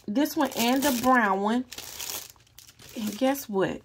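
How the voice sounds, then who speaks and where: A woman vlogger chatting casually through an unboxing, gushing and excitable as she talks straight to her viewers. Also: on the high side, takes it slowly, pauses often, slight background noise.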